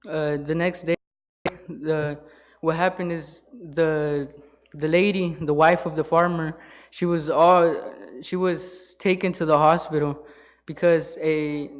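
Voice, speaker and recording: A man giving an informal sermon in church, halting, with many fillers and restarts. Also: a little high, flat delivery. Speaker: lay church speaker. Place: church sanctuary.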